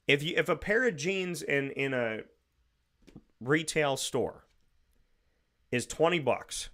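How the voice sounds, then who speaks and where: A man's voice: mid-range voice, a bit bright. A man hosting a radio show, delivering an emphatic, opinionated monologue and acting out imagined speakers. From United States.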